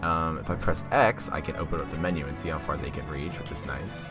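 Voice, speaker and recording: A man's voice: rumbling low, steady tone, quick pace. A young man in his late teens chatting through a game and reading its text aloud, joking about himself and laughing often. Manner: giggly, self-deprecating. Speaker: let's play host. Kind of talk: casual gameplay commentary. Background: game music.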